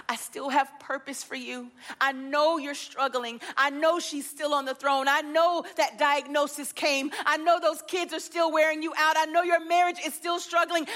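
A gentle, tender God figure whose voice drops low and hushed, sometimes sinking to a whisper, as a woman preacher puts him on. He speaks softly and reassuringly, set well below the speaker's usual high voice. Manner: soothing, reassuring.

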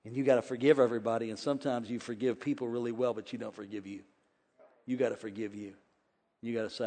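A man in his forties preaching a sermon as pastor, energetic and folksy, jumping from shouts to hushed, joking asides. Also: medium pitch, fast talker, long reverb tail. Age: 40s. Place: large church hall with congregation.

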